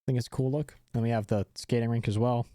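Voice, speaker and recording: Mellow-voiced young male streamer. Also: mid-range voice, steady tone, fast, dry recording, clean studio sound. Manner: rambling, many fillers and restarts. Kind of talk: casual live-stream chat.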